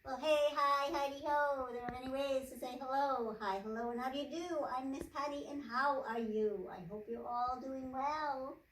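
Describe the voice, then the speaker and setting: A woman's voice: high voice, normal speed, few pauses, noisy background. A woman librarian hosting a children's storytime, chanting rhymes playfully. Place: library room. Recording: echoey room, from far off.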